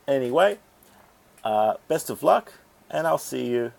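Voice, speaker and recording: A man teaching an English grammar lesson, explaining rules step by step and sounding out syllables deliberately. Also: medium pitch, expressive, creaky.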